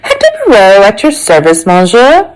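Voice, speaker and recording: Brief: gentle, courtly French lad in a storybook, voiced by a woman. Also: mid-range voice, sing-song, normal speed, close to an everyday voice.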